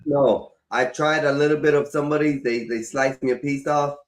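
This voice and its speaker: A man's voice: on the high side, steady tone, normal speed. A man hosting a call-in stream, chatting bluntly and teasing his callers. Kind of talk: casual chat.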